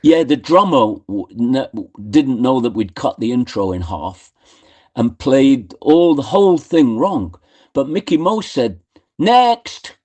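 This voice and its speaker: A man's voice: mid-range voice, big pitch swings, a little slow, warm tone. An older man, a musician guest on a radio show, telling anecdotes in a chatty way and acting out what others said. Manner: chatty anecdotal storyteller, acts out quotes. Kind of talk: radio interview storytelling. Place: radio studio.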